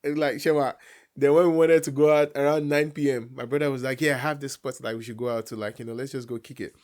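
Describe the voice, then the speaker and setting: A man's voice: mid-range voice, fast. A young man from Nigeria with a Nigerian accent, a guest telling a family story in casual chat and acting out the voices of his relatives. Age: young adult. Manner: animated storyteller, acts out family dialogue with laughs.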